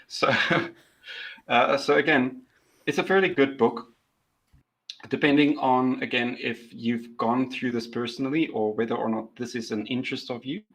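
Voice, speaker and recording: A man's voice: mid-range voice, fairly even intonation, moderate pace, fairly bright tone, rough recording. A man co-hosting a casual podcast book review, laughing often and repeating words as he starts his sentences. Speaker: podcast co-host. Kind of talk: casual chat.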